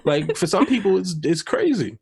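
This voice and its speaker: A man's voice: high-pitched, huge pitch swings, normal speed, darkish tone, breathy edge. A young man co-hosting a podcast in casual banter, blunt and profane, repeating himself for emphasis. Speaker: podcast co-host.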